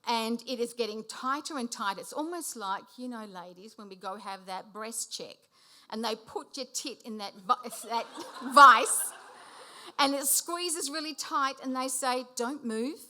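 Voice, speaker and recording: A woman in her late fifties telling a funny personal story on stage to a live audience, animated and often laughing as she speaks. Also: fairly high pitch, moderate pace. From Sicilian heritage. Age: 50s. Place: hall before a live audience.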